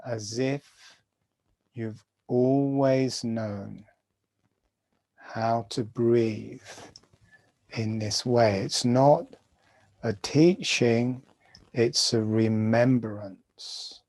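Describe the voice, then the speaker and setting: A man slowly guiding listeners through a breathing exercise in a soft, calm voice. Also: medium pitch. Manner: slow, soft-spoken, calm guidance. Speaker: breathwork teacher. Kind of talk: guided breathing instruction.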